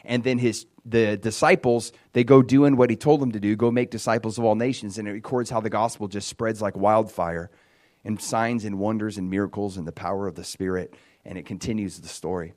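A man giving a casual Bible teaching, retelling the story in a conversational, animated way with frequent fillers. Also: fairly low pitch, a little fast.

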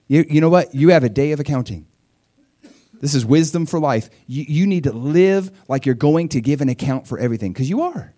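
A man in his forties preaching a sermon as a pastor, in an animated, conversational style that swings between quiet asides and loud bursts. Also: medium pitch, brisk. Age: 40s.

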